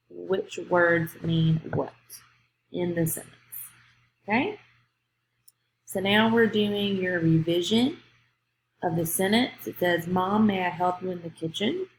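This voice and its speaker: A woman's voice: lowish voice, a little hiss or hum. A woman, teaching a grammar lesson to young students. She explains patiently step by step and checks in with "okay?". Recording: echoey room.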